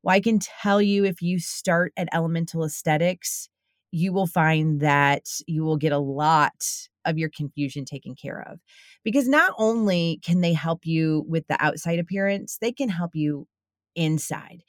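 Low-voiced woman podcast host. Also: normal speed, no room sound, clean studio sound. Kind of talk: casual interview with ad read.

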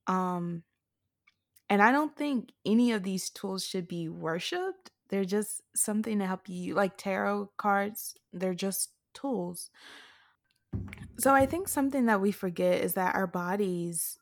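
A woman co-host speaks slowly and thoughtfully in a casual discussion. Her pace is unhurried and measured, and the recording is dry and close, with no room echo. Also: medium pitch.

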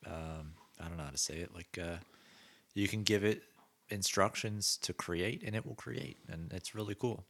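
Low-voiced man, chatty podcast co-host. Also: moderate pace, vocal fry, a bit bright. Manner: enthusiastic, acts out quoted voices. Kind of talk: casual chat.

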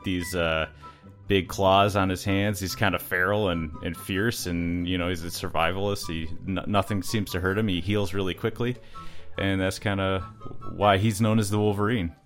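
A man with a very deep voice chatting casually as a podcast co-host. He rambles with frequent uhs and breaks into quick laughs. Faint music runs underneath. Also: steady tone. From Canada. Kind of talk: casual chat.

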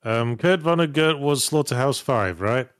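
A man's voice: medium pitch, lively intonation, moderate pace, dry recording. A man hosting a casual podcast, reading out viewer messages with dry, sardonic asides. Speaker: podcast host reading superchats. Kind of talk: casual chat.

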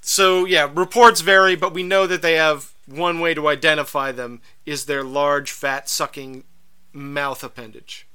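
Bright, clear-voiced male podcast host. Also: fairly high pitch, measured pace. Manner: animated, rambling storyteller. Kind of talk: casual chat.

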